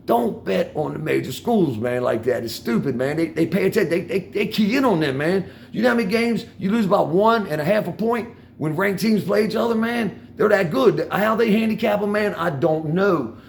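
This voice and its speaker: An older man with a Washington DC accent tells rambling street-corner stories about gambling and betting. His voice is gravelly and sits a bit high. Faint outdoor street noise runs underneath. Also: expressive, moderate pace, hardly any pauses. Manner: rambling, profane street talk with constant "man" and "y'all". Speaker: vlogger talking to viewers. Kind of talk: casual storytelling monologue.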